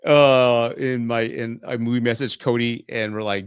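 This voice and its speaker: A man's voice: mid-range voice, steady tone, unhurried, clear, resonant tone, dry recording, clean studio sound. Casual swearing Texan man in his forties. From Texas. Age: 40s. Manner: casual, swears freely, laughs often. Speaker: host. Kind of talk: live stream Q&A.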